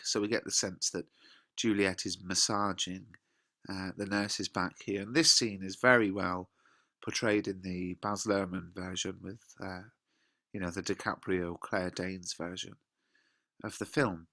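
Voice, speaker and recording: Bright-voiced British teacher, dry close sound. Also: male voice, deep voice, a little slow, no echo. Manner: reads quoted lines with lively emphasis, then paraphrases casually. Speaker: English teacher. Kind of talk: explaining a play line by line.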